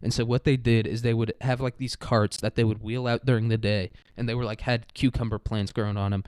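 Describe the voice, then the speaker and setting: A man's voice: medium pitch, little pitch movement, brisk, darkish tone, clear, resonant tone, dry recording. A man rambling through a crude, profane comedic monologue, full of "like" and "dude". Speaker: podcast host.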